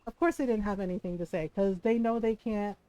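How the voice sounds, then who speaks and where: A woman's voice: mid-range voice, a little fast, dark tone, dry recording, rough recording. A woman streamer telling stories in a casual chat while she games, blunt and profane, laughing as she goes. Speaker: game streamer. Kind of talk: casual storytelling while gaming.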